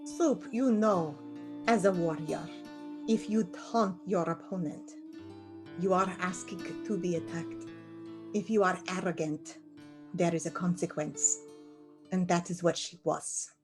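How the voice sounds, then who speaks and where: A woman's voice: lowish voice, a little slow, pauses often, music in the background. Woman speaking formally as a player. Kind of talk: in-character tabletop play.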